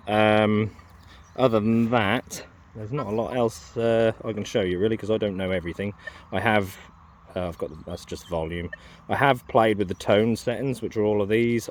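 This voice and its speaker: A deep-voiced man talks in a casual, rambling way as he sets up and operates a metal detector in an open farm field. He's hesitant, peppering his speech with ums and self-corrections, and there's a slight hiss or hum.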